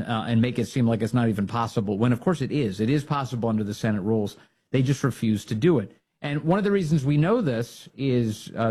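Fired-up husky male host. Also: mid-range voice, darkish tone. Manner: emphatic, rises to fired-up exhortation. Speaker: political talk show host. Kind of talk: opinionated commentary.

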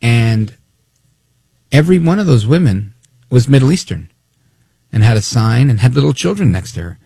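Talk radio host, man, gravelly, dark husky voice, lively snide delivery. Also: medium pitch, normal speed, no room sound. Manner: animated, snide, acts out quotes. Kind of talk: opinionated political talk radio.

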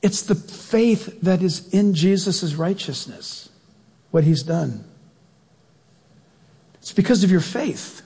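A high-pitched man preaches in an animated, playful way, throwing questions at the congregation. His voice has a husky edge. It rings out with a long reverb through a church sanctuary. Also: slow pace, long pauses. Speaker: pastor. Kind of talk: sermon.

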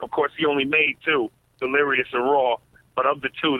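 A man who is a stand-up comedian, talking as a guest in a casual interview. He speaks in a relaxed way and stutters on repeated words. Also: medium pitch, brisk, no room sound. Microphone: phone. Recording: tinny phone line.

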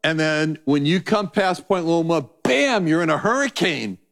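Animated middle-aged male Bible teacher. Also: a little high, normal speed. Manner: animated, rambling storytelling. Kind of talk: sermon.

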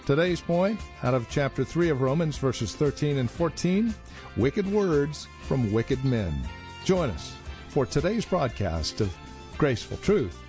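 A man's voice: on the high side, sing-song, unhurried, darkish tone. A male announcer reading a scripted, emphatic introduction to a broadcast sermon. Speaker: radio program announcer. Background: music.

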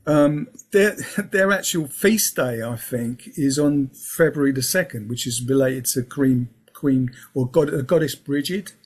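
A man's voice: medium pitch, measured pace, hardly any pauses, husky. A man talking casually as an interview guest, rambling, restarting his sentences and filling with um and yeah. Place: lives in England.

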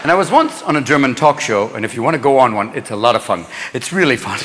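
A man doing a stand-up comedy routine on stage, manic and rapid-fire, jumping in and out of voices. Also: mid-range voice, very animated, a bit bright, slight background noise. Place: large theater on stage. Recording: echoey hall, audience laughter and ambience.

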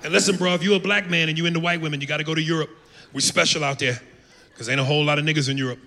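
This American comic talks rapid-fire in a slightly high, steady voice with vocal fry, a faint crowd audible behind him. His club set is brash and profane, full of sudden loud impressions, captured live with reverb and room noise.

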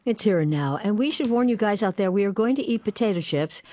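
A woman's voice: medium pitch, lively intonation, fast talker, warm tone, no room sound. A woman hosting a radio talk show, chatty and playful. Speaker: radio host. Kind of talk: casual radio chat.

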